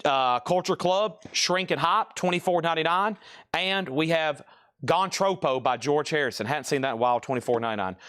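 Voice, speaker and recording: A man with a Southern Tennessee accent hosting a live-stream record sale, calling out prices briskly with joking asides. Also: a little high, a bit bright, clear, resonant tone, dry recording, clean studio sound.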